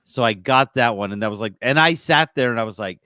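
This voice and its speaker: A man's voice: mid-range voice, fast, pushed and bright, smooth, dry recording, studio quality. A man co-hosting a casual podcast chat, telling stories in a laid-back way. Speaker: podcast co-host.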